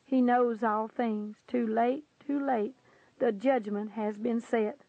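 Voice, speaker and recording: A woman narrates in a slow, earnest, pleading tone, her voice a little high and gravelly. The sound is tinny and phone-like, and dry, with no room around it. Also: steady tone, no room sound. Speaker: narrator reading a testimony. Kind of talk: solemn scripted narration.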